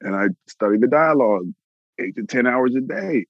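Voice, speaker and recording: A man from Austin, Texas, an actor telling his own story in an interview, animated and repeating phrases for emphasis. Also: medium pitch, moderate pace, dry recording, lo-fi sound. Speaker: actor, guest.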